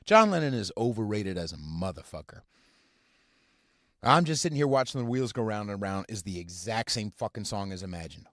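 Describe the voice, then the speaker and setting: A man hosting a podcast from inside his car, ranting casually and profanely in a halting, rambling way full of fillers. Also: on the low side, animated, dry recording, clean studio sound. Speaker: podcast host. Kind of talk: casual rant.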